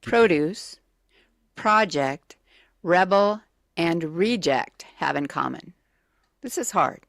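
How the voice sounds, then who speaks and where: A woman's voice: on the low side, animated, slow, vocal fry, no room sound. Radio woman reading trivia, dry sound. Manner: hesitant, with many fillers. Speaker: morning radio co-host. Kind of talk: reading trivia questions on air. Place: radio studio.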